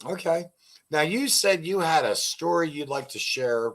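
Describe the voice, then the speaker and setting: Man, middle-aged, interview host, fairly high voice, rambling storyteller, casual chat. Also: lively intonation, a little slow, a bit bright. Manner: rambling joke-telling storyteller.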